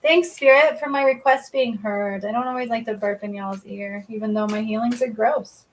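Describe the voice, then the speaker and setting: Casting: woman, psychic livestream host, a bit high-pitched, talky, laughs a lot, swears casually. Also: steady tone, moderate pace, rough recording. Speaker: psychic reader and energy healer. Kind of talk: casual livestream card reading.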